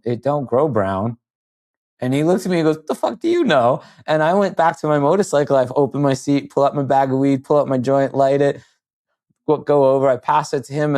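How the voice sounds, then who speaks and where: A man in his fifties, a podcast guest, telling rambling, animated stories in casual chat and quoting people as he goes. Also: medium pitch, no room sound, studio quality. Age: 50s. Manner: rambling, animated anecdotes with quoted voices.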